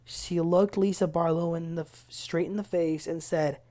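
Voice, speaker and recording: Woman host, TV recap, lively and chatty, mellow low voice. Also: normal speed. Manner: animated, acts out quotes in raised pitch. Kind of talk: casual TV recap.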